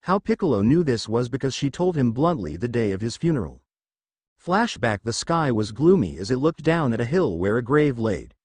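A man narrating a fan story in an animated reading style. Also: medium pitch, moderate pace, no echo.

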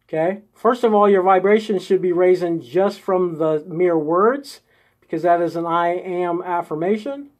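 A man's voice: high voice, moderate pace. A man hosting a live-streamed spiritual coaching session, guiding viewers step by step through an inner exercise and checking in with them constantly. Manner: coaxing, checks in constantly with "okay?" and "right?". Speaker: host of a live group session.

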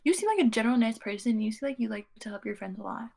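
Soft-spoken hesitant young woman. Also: fairly high pitch, animated, very fast, creaky, heavy background noise. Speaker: stranger on video chat.

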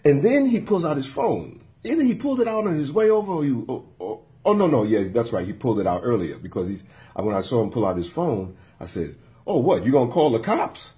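A man telling an animated story as an interview guest, often laughing and acting out both sides of the exchange. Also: medium pitch, fast talker, slightly rough. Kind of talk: animated anecdote in a casual interview.

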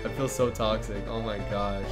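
A young man hosting a game show event, talking over gameplay with bursts of shouting and laughter. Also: lowish voice, fairly even intonation, normal speed, over loud music. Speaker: gaming YouTuber hosting a fashion show. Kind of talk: excited gameplay commentary.

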